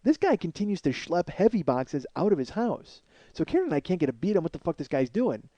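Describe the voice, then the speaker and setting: Male podcast host, higher voice, dry recording, profane comic storyteller. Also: a little fast, dry recording. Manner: profane, animated storyteller addressing listeners as folks. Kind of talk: comedic storytelling monologue.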